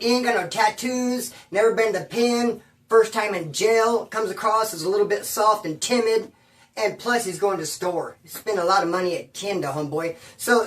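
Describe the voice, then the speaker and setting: A man's voice: high-pitched, a bit bright, distant mic. A man from California casually telling a prison story in rambling, slang-heavy talk. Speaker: former inmate telling prison stories.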